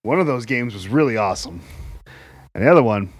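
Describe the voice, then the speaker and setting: A man's voice: mid-range voice, animated, brisk, slightly rough. A man co-hosting a podcast, chatting about basketball in an offhand way and swearing casually. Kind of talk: casual sports chat.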